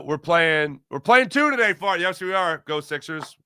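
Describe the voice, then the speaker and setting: Animated sports-stream host, bright voice. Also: male voice, a little high, clean tone, no echo, studio quality. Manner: animated, reads chat aloud, quick ad reads. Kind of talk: casual live-stream chat.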